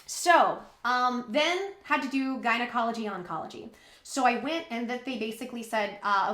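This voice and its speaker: A woman's voice: on the high side, normal speed, fairly bright tone, echoey room. A woman vlogger candidly retelling a personal story in a rambling, emotional way.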